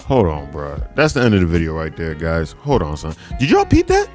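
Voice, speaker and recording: A male host giving slangy, animated reaction commentary, with frequent laughing asides. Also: sits low, a little fast, soft background music.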